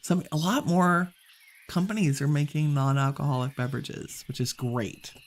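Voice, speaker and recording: A man chatting in a relaxed, rambling way while streaming a game, laughing easily. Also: fairly high pitch, normal speed, poor audio. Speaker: gaming streamer. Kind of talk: relaxed gameplay chat.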